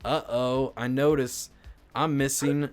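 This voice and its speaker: A man's voice: mid-range voice, steady tone, slow pace, soft background music. A man telling a rambling, crude story on his live stream, peppered with swearing and filler words. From Indiana, US. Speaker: livestreamer.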